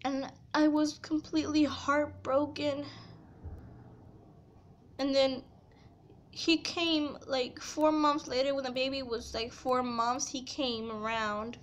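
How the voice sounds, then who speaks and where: A woman's voice: sits high, level tone, slow, slight background noise. A young woman vlogger telling a painful personal story to camera, heartfelt and tearful, filling her talk with "you know". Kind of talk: emotional storytime confession.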